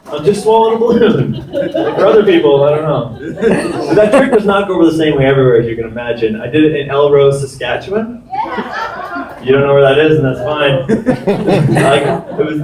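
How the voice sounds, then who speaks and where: A man performing a stand-up comedy set as a magician, telling self-mocking stories in a chatty way full of "like". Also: fairly high pitch. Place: live comedy stage in a venue. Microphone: filmed from the audience. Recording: distant roomy audience-camera recording with background noise.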